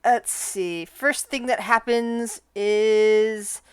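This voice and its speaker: Smooth-voiced woman running a tabletop game. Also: a little high, fairly even intonation, no echo. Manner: halting, with frequent restarts and laughs. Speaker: dungeon master.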